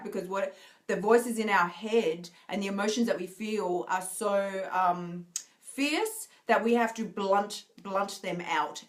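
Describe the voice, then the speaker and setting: This is a woman coaching her viewers in a live video, with a mid-range voice that sits neither high nor low. She talks in an earnest, encouraging way, keeps checking in with "right?", and laughs lightly as she goes. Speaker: binge eating coach.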